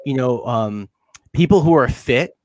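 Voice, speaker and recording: A man's voice: mid-range voice, lively intonation, unhurried, dry recording. A man hosting an interview series who speaks reflectively and poses questions to his audience. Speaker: host.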